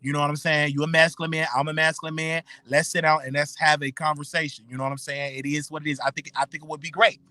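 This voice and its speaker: Here a man running his own show talks quickly with hardly any pauses, his voice a little high, his delivery flat and his tone sharp, with no echo. His casual stream of commentary is aimed right at listeners, full of repetition and stammered restarts.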